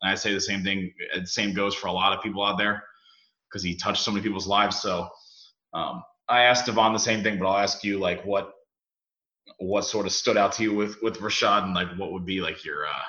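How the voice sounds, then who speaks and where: Young male podcast host, lower-pitched voice, animated storyteller, recorded in an echoey room. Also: a little fast. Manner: animated storyteller, mimics voices, many fillers. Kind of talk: casual chat. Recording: echoey room, dull lo-fi sound.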